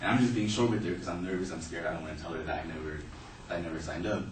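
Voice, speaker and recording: Man, animated casual storyteller, quick delivery, recorded far off in an echoey room. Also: deep voice, slight background noise. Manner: animated, acting out voices in his story. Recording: roomy, distant mic, faint ambience.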